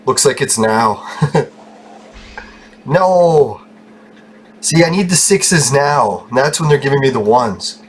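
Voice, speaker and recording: Brief: male gaming host, mid-pitched, chuckling, foul-mouthed rambling, faint hiss behind. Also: normal speed. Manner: laughs often, swears freely, rambling. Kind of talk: casual gameplay commentary.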